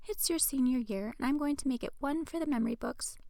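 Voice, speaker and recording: Upbeat, teasing mom for a storybook read, done by a woman in a raised, gravelly voice. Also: high voice, fast, no echo, studio quality, voice pushed up. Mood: cheerful. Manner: bright and teasing. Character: cheerful, upbeat mother of a teenage girl.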